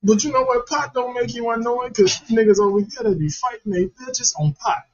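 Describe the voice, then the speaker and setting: High, lively husky man chiming in. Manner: quick interjections, agreeing and chiming in. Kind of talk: casual profane chat. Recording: dull lo-fi recording.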